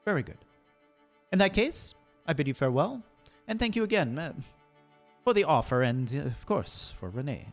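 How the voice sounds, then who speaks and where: A man's voice: fairly high pitch, sing-song, normal speed, pauses often, soft background music. A man voicing a stern, formal noble lady of the palace, speaking with hesitant fillers. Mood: courteous.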